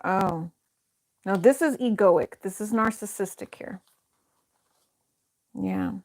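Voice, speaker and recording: A woman's voice: medium pitch, huge pitch swings, slow. Woman giving a rambling, hesitant tarot reading. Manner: thinks aloud, hesitant, many fillers and restarts. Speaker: tarot reader. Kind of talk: casual tarot reading to camera.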